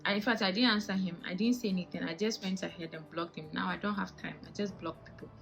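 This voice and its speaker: A young woman with a Ghanaian English accent talks straight to camera in a casual vlog, animated and indignant, firing off rhetorical questions. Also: on the low side, fast talker, creaky, music in the background, poor audio. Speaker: vlogger.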